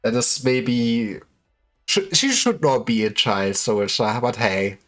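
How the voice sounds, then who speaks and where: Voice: medium pitch, lively intonation, slow pace, a bit bright, soft background music. A streamer reading game dialogue aloud in dramatic voices on a livestream, breaking off for hesitant, offhand commentary. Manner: switches between dramatic character lines and offhand commentary. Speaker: streamer voicing a game story.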